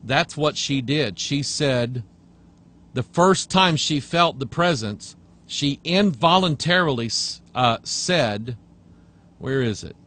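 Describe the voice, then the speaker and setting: A male pastor preaching a sermon, reading passages aloud and rebutting them with emphasis, sometimes dropping to a low hush. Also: expressive, slow pace.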